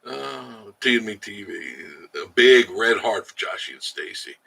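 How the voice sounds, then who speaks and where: A man's voice: lowish voice, expressive, measured pace, creaky, pushed and bright, breathy edge. A man hosting a casual live stream, chatting with viewers by name and joking between laughs. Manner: chatty, jokey, laughs often. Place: outdoors in the Smoky Mountains.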